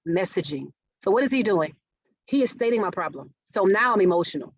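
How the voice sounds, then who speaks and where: A woman teaches a business workshop in an engaging way, often asking her listeners if they follow. Her voice sits at a middling pitch. The webinar audio is dull and dry, with no room sound. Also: animated, a little fast, dry recording. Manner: engaging, asks audience questions often. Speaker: marketing speaker.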